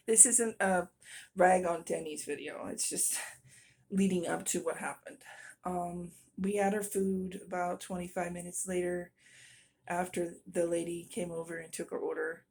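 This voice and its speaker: A woman's voice: fairly low pitch, darkish tone. A middle-aged woman telling a story in a casual vlog, exasperated and venting, breaking into nervous laughs. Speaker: vlogger.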